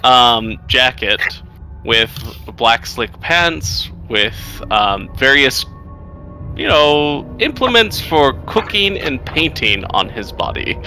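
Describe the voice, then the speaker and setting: Slow, playful male tabletop player. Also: mid-range voice, very animated, pushed and bright, faint music behind. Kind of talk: tabletop role-play chat.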